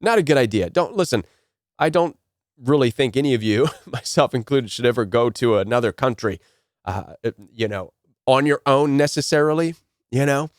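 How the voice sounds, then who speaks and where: Male self-help speaker, earnest storytelling with repeated phrases, middle pitch, dry sound. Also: animated, moderate pace, no room sound. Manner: earnest, repeats key phrases, frequent "right?". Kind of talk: storytelling motivational talk.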